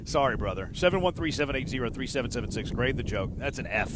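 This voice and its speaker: A man's voice: mid-range voice, lively intonation, fast, background noise. A man hosting a sports radio show, bantering with his co-hosts and reading listener texts with a teasing, joking manner.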